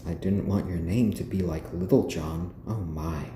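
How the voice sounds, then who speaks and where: A man hosting a casual home live stream, gently cooing to his pet chickens and chatting with viewers. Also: low voice, normal speed, roomy sound, slight background noise. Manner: chatty, answers viewers' comments.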